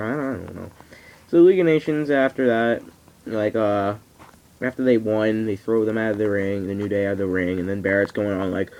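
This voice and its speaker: A teenage boy in a casual vlog, rambling excitably and swearing freely. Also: medium pitch, rough recording. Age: teens. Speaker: vlogger. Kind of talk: casual wrestling reaction vlog. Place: at home on camera.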